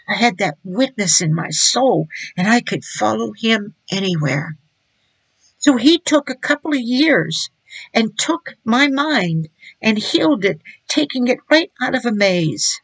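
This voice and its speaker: A woman's voice: mid-range voice, animated, unhurried, slightly rough, no echo, rough recording. A woman preaching, telling her personal testimony in an earnest, emphatic storytelling manner.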